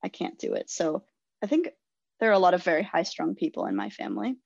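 Chatty woman with a gravelly edge, dry sound. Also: on the low side, huge pitch swings, fast, darkish tone, no room sound, highs cut off. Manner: chatty, self-deprecating, many "like" fillers. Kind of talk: casual conversation.

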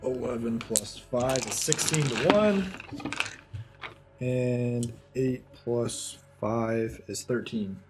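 A man's voice: medium pitch, slow pace, over loud music. A man playing a tabletop game, laid-back and crude, joking and counting dice rolls. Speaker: player.

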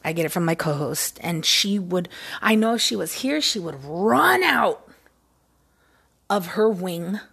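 A woman's voice: on the low side, moderate pace, gravelly, fairly bright tone, husky. A woman podcast host rambling casually and self-mockingly from a recliner at home. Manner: scattered, self-mocking, giggly.

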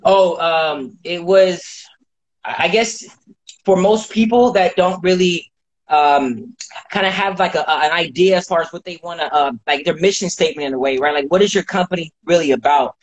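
A man's voice: fairly high pitch, moderate pace, poor audio. A man giving a casual testimony as a course member, easygoing and full of filler phrases. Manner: easygoing, heavy on "you know what I'm saying". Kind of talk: casual live-stream chat.

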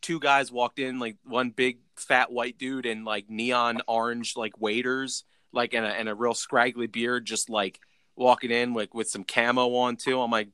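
A man's voice: medium pitch, level tone, unhurried, pushed and bright, clean tone, dry recording. A young man casually telling a rambling story, full of "like" and restarts. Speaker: podcast co-host.

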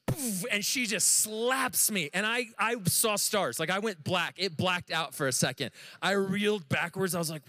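American man preaching, high voice, bright tone, animated and jokey. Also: normal speed, hardly any pauses, big-room sound. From United States. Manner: animated, jokey storytelling to a live congregation. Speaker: pastor. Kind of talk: sermon. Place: church room with audience.

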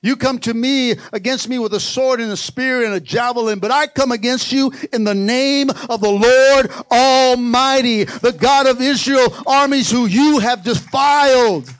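A preacher acting out a fearless young warrior. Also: male voice, extremely high pitch, brisk, few pauses, fairly bright tone, no echo. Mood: defiant. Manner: defiant declaration.

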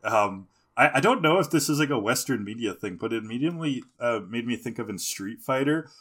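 Man, podcast co-host, casual chat, playful, mocking, laughs a lot, middle pitch. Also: expressive, brisk, fairly bright tone, slightly rough.

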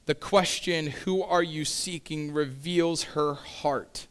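A man's voice: on the high side, fairly even intonation, takes it slowly, fairly bright tone. A male pastor delivering a sermon in a conversational, casual way, with frequent asides to the congregation.

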